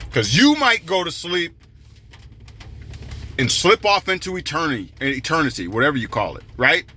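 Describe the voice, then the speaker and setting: A man's voice: fairly high pitch, big pitch swings, moderate pace, long pauses, pushed and bright, slightly rough. A man delivering an agitated, repetitive political rant, saying he is heated and fed up. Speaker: political commentator. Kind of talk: heated ranting monologue.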